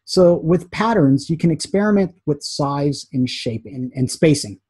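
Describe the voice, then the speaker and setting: A man teaching a casual graphic design lesson, chatty and animated, acting out little quotes as he explains. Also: a little high, measured pace, husky, no echo.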